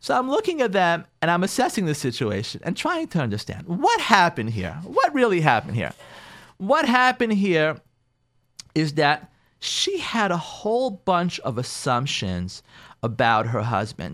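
A male rabbi with a high-sitting voice tells a story to his listeners at a measured pace, his pitch rising and falling expressively. He slips into each character's lines and keeps the telling animated throughout.

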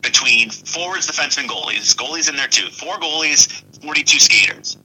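Husky, sharp-toned man on a tinny phone line. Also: on the high side. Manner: lively, lays out numbers in measured points. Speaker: guest, hockey broadcaster. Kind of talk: phone-in interview. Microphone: telephone.

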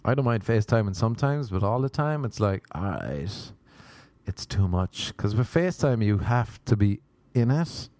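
A man's voice: lowish voice, sing-song, moderate pace, a little mellow, dry recording. A young Irish man doing a rambling, sardonic stand-up comedy routine. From Ireland. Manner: rambling, sardonic observational storytelling.

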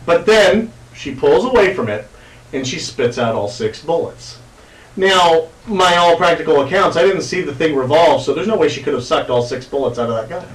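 A man's voice: fairly high pitch, expressive, normal speed, far from the mic. A man hosting a podcast, rambling crudely with lots of fillers, in an echoey room away from the mic. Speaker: podcast host. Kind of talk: casual chat.

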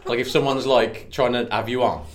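A man's voice: medium pitch, steady tone, normal speed, a crowd in the background. A young man on a comedy podcast, swearing freely, laughing often and slipping into mock Cockney phrases. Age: young adult. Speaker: podcast co-host. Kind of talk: crude comedic podcast banter.

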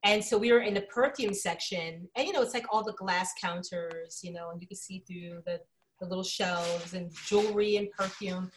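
A woman's voice: lowish voice, normal speed, a little hiss or hum. A woman from Philadelphia in casual chat, telling stories expressively and acting out voices. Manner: expressive, acts out voices, laughs often.

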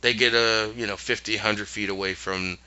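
Man, podcast co-host, punchy bright tone, acts out quotes, slightly dull sound. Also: fairly low pitch, moderate pace. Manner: animated retelling with acted-out quotes. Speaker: podcast co-host recapping a show. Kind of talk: casual chat.

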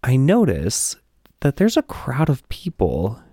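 A young man co-hosting a podcast, telling a story in a casual, animated way. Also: medium pitch, slow, husky, dry recording, clean studio sound. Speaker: podcast co-host.

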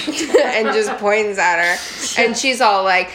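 A woman's voice: mid-range voice, takes it slowly, a bit bright, a little hiss or hum. A woman in casual comedic chat, irreverently retelling a story with silly voices and frequent laughter.

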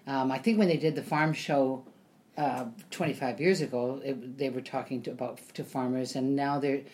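A woman's voice: extremely low pitch, steady tone, normal speed, a little mellow, slight background noise. A woman actor chatting as an interview guest, telling stories with many ums and acting out what people said. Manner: chatty storyteller with frequent ums, acts out quotes. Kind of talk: casual interview chat.

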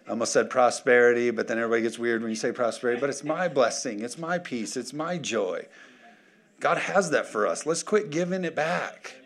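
A man in his thirties preaching a sermon as pastor, energetic and full of joking asides. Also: mid-range voice, fairly quick.

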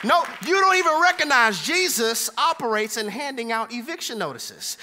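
Animated high-voiced preacher. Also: male voice, moderate pace, few pauses, long reverb tail. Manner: animated preacher reading scripture and riffing in slang. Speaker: pastor. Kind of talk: sermon.

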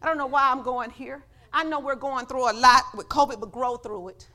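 Woman preacher in church, high voice, tells her story then gets loud and shouty. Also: steady tone, a little fast. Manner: testifying, building to shouts. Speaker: pastor. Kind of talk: sermon.

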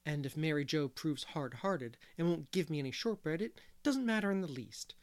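A man's voice: fairly high pitch, animated, normal speed, natural voice. Man reading as a cheerful young schoolteacher. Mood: reassuring. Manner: gay, warm reassurance. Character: cheerful kindly young woman teacher.

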